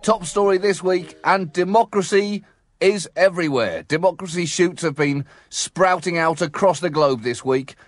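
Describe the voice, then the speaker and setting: A man's voice: high voice, normal speed, dry recording. A man co-hosting a comic news podcast, delivering jokes with dry, mock-solemn seriousness and breaking into laughs. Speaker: co-host.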